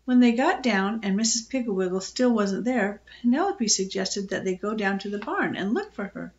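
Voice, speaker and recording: Expressive older woman reading a storybook. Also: medium pitch, normal speed, muffled recording. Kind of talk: reading a children's book aloud.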